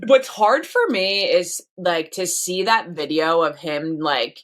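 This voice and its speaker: A pregnant woman co-hosting a podcast, chatting casually and rambling through her thoughts with plenty of restarts. Her voice sits a little low for a woman. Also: slow, a bit bright. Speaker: podcast co-host. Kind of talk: casual chat.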